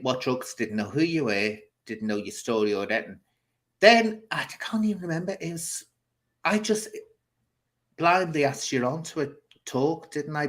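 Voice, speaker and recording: A chatty man hosts a casual talk show, spinning a long anecdote with theatrical flair. He talks at a middling pitch and breaks into laughter now and then as he tells it. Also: fairly bright tone. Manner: chatty, theatrical, laughs while telling stories. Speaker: host. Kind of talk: casual chat show storytelling.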